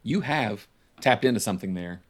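A male podcast host chatting casually from home, quick to laugh and fond of playful apologetic asides. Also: on the low side, expressive. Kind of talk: casual chat.

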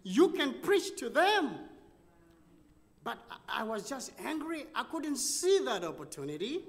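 A male preacher with a very high voice tells a story in an animated, dramatic way, his pitch leaping and dropping. A long reverb trails each phrase, as in a large church sanctuary. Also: a little slow. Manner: animated, dramatic storytelling with sudden drops and rises. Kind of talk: sermon storytelling.

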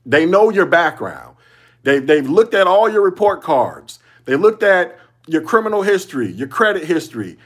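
A man's voice: a little high, sing-song, moderate pace, a bit bright. A man hosting a solo podcast, giving casual commentary in loose slangy talk, repeating himself and chuckling often. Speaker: podcast host.

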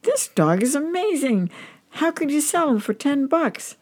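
A woman voicing an excitable ordinary man in a told joke. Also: on the low side, moderate pace, gravelly, full character voice. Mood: amazed. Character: amazed ordinary man, skeptical then excited.

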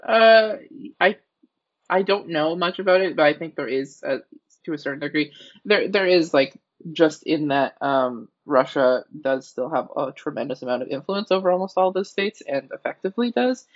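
A man's voice: a little high, animated, moderate pace. A man co-hosting a podcast in casual chat, thinking aloud and hesitating often. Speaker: podcast co-host. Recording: dull lo-fi sound.

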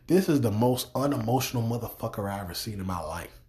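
Young male podcaster, low-pitched, profane and exasperated, circles back and repeats himself. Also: lively intonation, quick pace, darkish tone. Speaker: podcast host. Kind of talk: profane ranting review.

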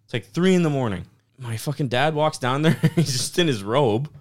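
A man's voice: medium pitch, normal speed. A man, co-hosting a podcast and telling stories in a casual, swear-filled, laughing way. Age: 20s. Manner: animated, laughing, swears a lot. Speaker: podcast co-host. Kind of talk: casual storytelling chat.

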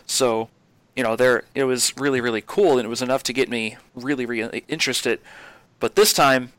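Guy hosting, bright tense voice, earnest and chatty, dry close sound. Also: mid-range voice, fairly even intonation, normal speed, no room sound. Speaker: host. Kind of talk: casual chat.

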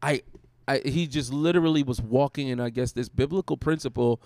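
A man, a pastor, talking through faith in a casual discussion, animated and storytelling, with bursts of acted-out voices. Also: mid-range voice, brisk, no echo.

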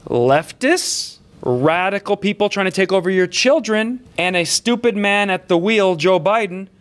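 A man's voice: sits high, animated, a bit bright. Sarcastic male comedian host. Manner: sarcastic, mocking, riffs quickly between topics. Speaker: comedian hosting a political talk show. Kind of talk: comedic political commentary.

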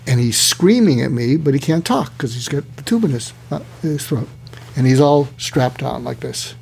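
Male psychiatrist, gravelly voice, storytelling delivery, acts out quoted voices. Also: medium pitch, expressive, normal speed, darkish tone, a little hiss or hum. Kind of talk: storytelling talk.

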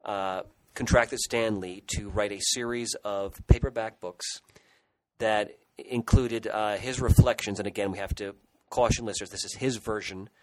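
A man's voice: on the low side, fairly even intonation, normal speed, no room sound, rough recording. A middle-aged man co-hosting a podcast, casually and nostalgically rambling through childhood memories. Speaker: podcast co-host. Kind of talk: casual chat.

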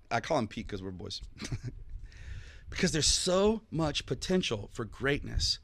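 A man preaching a sermon as a pastor, conversational and animated, acting out quick bits of dialogue with jokes along the way. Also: fairly high pitch, no echo.

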